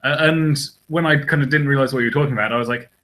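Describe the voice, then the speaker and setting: A man's voice: mid-range voice, rapid-fire, sharp tone, low-quality recording. A man co-hosting a casual podcast chat, rambling and hesitant, often restarting his sentences. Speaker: podcast co-host.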